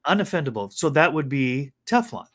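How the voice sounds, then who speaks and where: Male co-host with a raised, lively voice, animated storyteller in casual chat. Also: fairly high pitch, a little fast. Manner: animated storytelling with faith talk.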